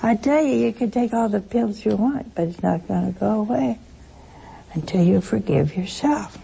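A woman's voice: medium pitch, lively intonation, moderate pace, vocal fry, mellow, slight background noise, rough recording. A woman giving a chatty spiritual talk to listeners, full of anecdotes and chuckling asides. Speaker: religious speaker.

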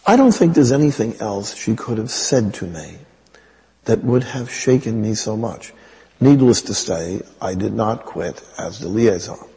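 A man's voice: lowish voice, expressive, unhurried, mellow, big-room sound. A man, a priest, telling a wry personal story in a conversational homily.

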